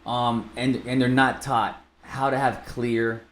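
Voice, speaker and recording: A fast-talking male podcast co-host who jumps between thoughts and restarts his sentences. He coaches real estate agents in a casual chat. His voice sits at a middle pitch and carries the echo of the room. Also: a little hiss or hum. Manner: animated, fast-talking, self-interrupting. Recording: echoey room.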